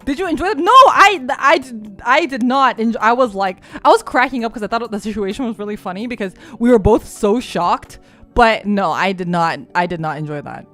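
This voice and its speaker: A young woman streamer chatting casually, telling stories in an animated way and sometimes breaking into shrieks and laughter. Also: fairly high pitch, fairly quick, faint music behind.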